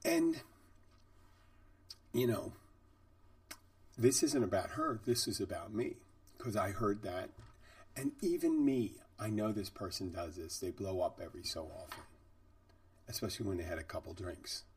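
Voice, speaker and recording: A man's voice: fairly low pitch, unhurried, pauses often, a little mellow, no echo, distant mic. A middle-aged man, a bartender hosting a podcast, telling stories and reflecting in a rambling, conversational way. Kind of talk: reflective storytelling monologue.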